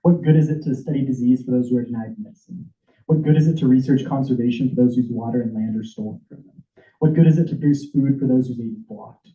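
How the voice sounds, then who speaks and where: A man's voice: mid-range voice, quick pace, mellow. A man giving an impassioned, emotional prepared speech as a public commenter at a senate meeting, urgent and stumbling at times. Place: meeting hall. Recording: echoey room over tinny phone-like audio.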